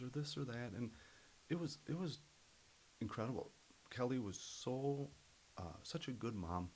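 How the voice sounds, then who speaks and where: A middle-aged man guesting on a podcast, recounting stories with earnest energy. His voice sits on the lower side with a gravelly, fry-laced texture. A faint hiss runs under the recording. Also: moderate pace, poor audio. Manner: earnest, animated storyteller who acts out other people's voices. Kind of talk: casual storytelling interview.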